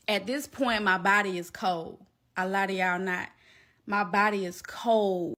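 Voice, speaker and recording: Woman telling a storytime, bright forceful voice, super animated, talks right to the viewers. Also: mid-range voice, a little slow. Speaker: vlogger telling a personal story. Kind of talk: storytime vlog.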